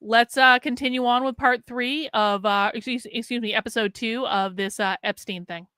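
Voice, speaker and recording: Woman streamer, high bright voice, dry close sound; chatty and profane, talks straight to her viewers. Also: steady tone, moderate pace, clear, resonant tone, dry recording. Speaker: live-stream host. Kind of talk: casual live-stream commentary.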